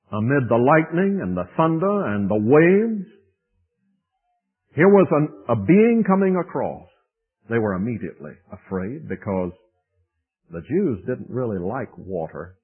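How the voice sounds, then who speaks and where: A man preaching a sermon lecture, swinging between loud emphasis and hushed tones, with a husky voice. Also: medium pitch. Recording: tinny phone-like old radio recording.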